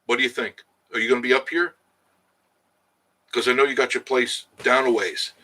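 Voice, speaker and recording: A man's voice: medium pitch, steady tone, moderate pace, pushed and bright. A man hosting a casual live stream, chatting with viewers by name and joking between laughs. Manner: chatty, jokey, laughs often. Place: outdoors in the Smoky Mountains.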